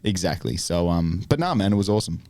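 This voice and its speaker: A young adult man, a podcast guest telling animated stories about acting work, swearing often. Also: low voice, quick pace, no echo. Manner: animated storytelling with lots of swearing. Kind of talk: casual chat.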